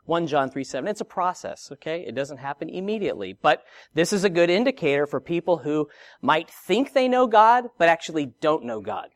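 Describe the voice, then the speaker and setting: A middle-aged man preaching with a lively, expressive voice that climbs and drops often. His pitch sits a little high for a man. The sound is close and dry, with no room echo. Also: brisk. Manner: expressive preaching with rhetorical questions and asides. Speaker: pastor. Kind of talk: sermon.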